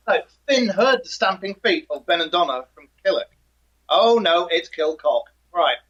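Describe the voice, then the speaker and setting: Bright-voiced man, dry jokey co-host. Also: high-pitched, expressive, normal speed, slightly rough. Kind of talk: live show chat and story reading. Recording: dull lo-fi audio.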